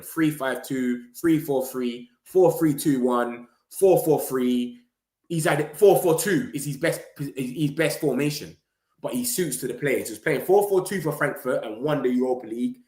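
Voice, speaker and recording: An excitable young man runs his words together in slangy, casual live-stream chat. His voice sits a touch high for a man. The room around him gives a roomy echo. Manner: excitable, slangy, rapid run-on talk. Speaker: football vlogger streaming to viewers.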